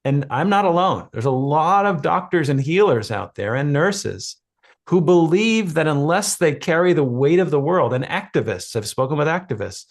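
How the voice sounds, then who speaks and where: Gravelly man on a video call. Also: a little high, expressive, moderate pace. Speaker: guest speaker, cardiologist. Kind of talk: conversational talk on a video call.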